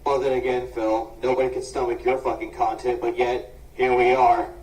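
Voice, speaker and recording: A man's voice: mid-range voice, flat delivery, moderate pace, darkish tone. A man doing sarcastic reaction commentary, scolding and mocking with plenty of swearing. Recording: roomy and distant.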